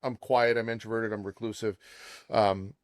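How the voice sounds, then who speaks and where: A man's voice: on the low side, level tone, normal speed, no echo, studio quality. A man hosting a chef podcast, telling stories animatedly and laughing often. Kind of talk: casual podcast chat.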